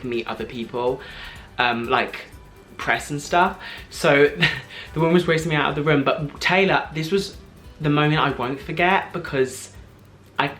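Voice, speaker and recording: Young guy, twenties, vlogger, excited storytelling with lots of fillers, mid pitch, faint music behind. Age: 20s. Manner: gushing, fast, filler-heavy with frequent "like".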